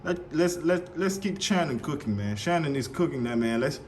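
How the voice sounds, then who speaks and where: A man reacting live to a debate show clip, heated and animated, repeating himself and swearing. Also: fairly high pitch, normal speed, a little hiss or hum. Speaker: reaction streamer.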